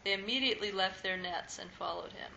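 A woman reading scripture aloud at a Bible study in a steady, measured way. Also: mid-range voice, gravelly. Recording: echoey room, muffled lo-fi sound, faint background noise.

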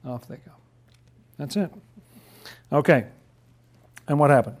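A man's voice: a little high, measured pace. A man leading a casual Bible study, chatty and laughing often, who acts out the figures' lines in playful voices.

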